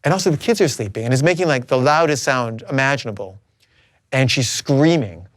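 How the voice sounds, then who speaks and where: A man's voice: mid-range voice, lively intonation, a little fast. A middle-aged man telling a personal story in a rambling, anxious way full of fillers. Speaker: filmmaker recounting his life.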